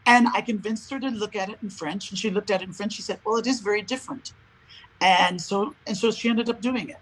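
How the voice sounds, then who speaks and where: An older man, a guest opera singer, chatting in an interview and telling lively stories in which he acts out the lines of other people and laughs often. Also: high-pitched, fast, a little hiss or hum, poor audio. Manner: animated storyteller, acts out quoted dialogue, laughs often. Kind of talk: casual interview chat.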